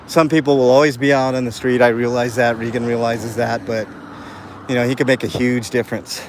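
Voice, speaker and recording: Speaking fairly quickly in a level, mid-range voice, a man addresses his live chat while walking a city street, his earnest rambling full of fillers. The outdoor recording of this walking vlog carries faint street noise and traffic.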